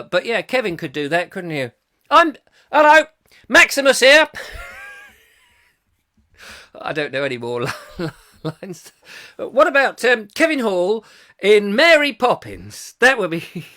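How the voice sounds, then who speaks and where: Chatty host, lively high voice. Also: male voice, unhurried. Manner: rambling, chatty, jokey, often laughing. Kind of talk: comic live chat show, reading out comments.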